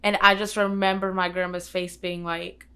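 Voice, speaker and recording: Young woman telling her story flatly. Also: on the low side, moderate pace. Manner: casual, uses many "like" fillers; relives scenes by acting out quoted dialogue. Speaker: client giving a testimonial. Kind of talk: personal storytelling.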